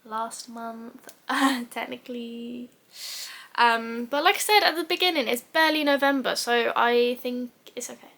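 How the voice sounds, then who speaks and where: A woman's voice: on the high side, normal speed, hardly any pauses, fairly bright tone. A young woman chatting casually about books as a vlogger, full of fillers and giggles. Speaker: book vlogger. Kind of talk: casual book review chat.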